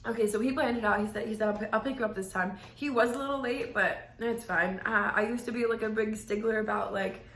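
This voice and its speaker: A young woman hosts a podcast, rambling chattily through a story and saying "like" constantly. Her slightly high, bright voice moves fast with few pauses and fairly even intonation, over roomy echo and a little hiss or hum.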